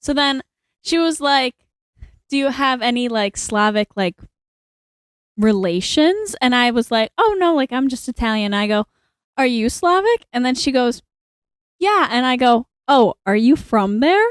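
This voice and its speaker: A teenage girl telling a story in a casual podcast chat, animated, full of "like" and acted-out dialogue. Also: fairly high pitch, unhurried, smooth, no echo, studio quality. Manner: animated, lots of "like", acts out quoted dialogue.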